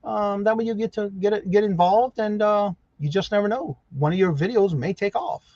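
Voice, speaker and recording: A man's voice: high-pitched, moderate pace, darkish tone, no room sound, dull audio. A man hosting a casual morning livestream, greeting viewers by name and rambling in a folksy, self-correcting way. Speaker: livestream host. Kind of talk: casual live-chat morning show.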